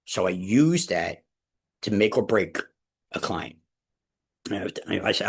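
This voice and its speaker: Man, team leader, husky voice, lowish pitch, emphatic, repeats key phrases. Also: lively intonation, normal speed, long pauses. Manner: emphatic, repeats key phrases, addresses listeners as ladies and gentlemen. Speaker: real estate team leader and instructor. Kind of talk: motivational team meeting talk.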